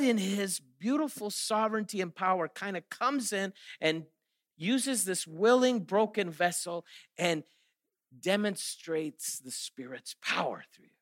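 Bright-voiced man preaching a sermon. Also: high voice. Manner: storytelling, rising to emphatic preaching. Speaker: guest speaker.

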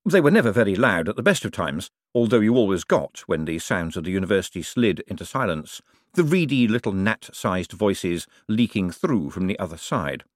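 A man reading an audiobook aloud in scripted narration, lively and expressive. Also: deep voice, moderate pace, dry recording, clean studio sound.

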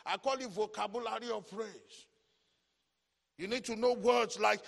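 A man's voice: sits high, steady tone, normal speed, creaky, in a large hall. A man preaching a sermon, calling out titles and leading the congregation in repeated declarations. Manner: chanting call-and-response, shouted declarations. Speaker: pastor.

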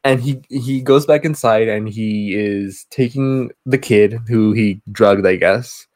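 This podcast co-host has a fairly low, slightly mellow male voice, captured dry. He casually rambles through a movie plot recap, tossing in quick acted quotes.

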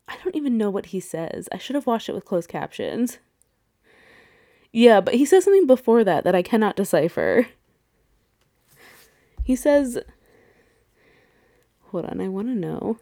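With a warm, mid-range voice, this podcast co-host in her thirties chats casually about rewatching a movie. She laughs often, swears, and acts out quotes, and the clean studio recording carries no room sound.

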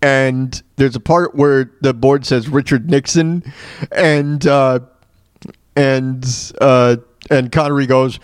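Clear and resonant, this medium-pitched male voice moves slowly with fairly even intonation on a dry, clean studio recording. The radio host rambles casually through stories, with lots of fillers and restarts, chuckling at his own retold jokes.

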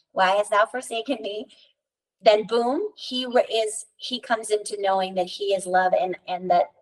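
A woman talks through spiritual ideas as a podcast guest, earnest and rambling into stories. Her voice sits at an ordinary pitch and sounds a little back from the microphone. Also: far from the mic, poor audio. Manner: earnest, storytelling, many fillers like "right?" and "you know". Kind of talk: casual spiritual conversation.

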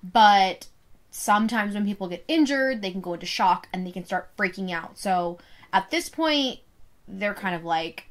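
A woman's voice: medium pitch, lively intonation, normal speed. An American woman co-hosting a true-crime podcast in casual, rambling chat full of "like" and restarts. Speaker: podcast co-host.

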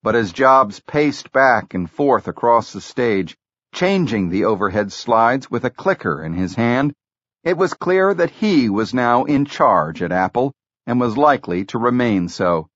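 A man's voice: mid-range voice, no room sound. Male audiobook narrator, dry and dull. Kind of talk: scripted narration.

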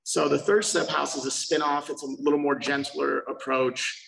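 A man's voice: on the high side, level tone, moderate pace, gravelly, a bit bright, recorded from a distance, low-quality recording. A young man casually telling his recovery story, swearing freely and acting out past conversations. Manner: profane, loose, acts out quoted exchanges.

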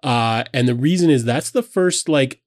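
A man's voice: mid-range voice, normal speed. A man co-hosting a casual podcast who rambles and corrects himself in an upbeat way. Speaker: podcast co-host. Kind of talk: casual chat.

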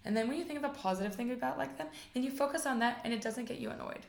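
American woman in her 40s, casual interview guest, bit of vocal fry, echoey room. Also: fairly high pitch, racing. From United States. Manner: chatty, upbeat, lots of fillers like "like" and "you know". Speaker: interview guest, rabbi's wife.

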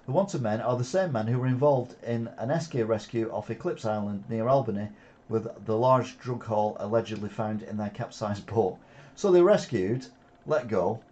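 A man's voice: on the low side, fairly quick, warm tone. Sarcastic Wigan man reading headlines. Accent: Wigan, Lancashire. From Wigan, England. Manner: sarcastic asides, frequent fillers. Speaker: news commentary host. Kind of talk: reading headlines with off-the-cuff commentary.

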